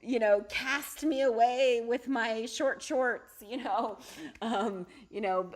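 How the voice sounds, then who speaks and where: A middle-aged woman, a holistic doctor, talking casually on a livestream, chatty and animated, often asking "right?" and laughing. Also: on the high side, slow pace. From United States. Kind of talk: casual livestream talk with storytelling.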